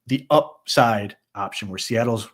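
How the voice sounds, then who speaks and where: A man co-hosting a sports podcast, giving animated, conversational post-game analysis with frequent restarts. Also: lowish voice, unhurried.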